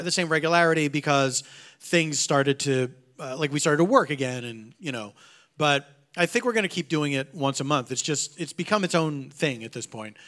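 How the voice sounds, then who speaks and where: A man's voice: on the high side, a bit bright. A middle-aged man, a guest on an interview show, telling playful stories and laughing often. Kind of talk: casual interview chat.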